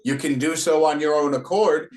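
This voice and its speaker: A laid-back man running a casual interview, with a voice pitched a little high for a man. He drifts along, leaning on "like" and "you know". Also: fairly even intonation, moderate pace, darkish tone. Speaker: interviewer and rapper.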